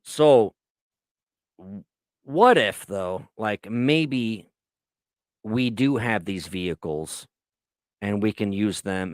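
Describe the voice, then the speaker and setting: A man hosting a podcast in casual chat, rambling excitedly and swearing often. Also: fairly low pitch, no room sound. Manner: profane, rambling, excitable storytelling. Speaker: podcast host. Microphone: laptop recording.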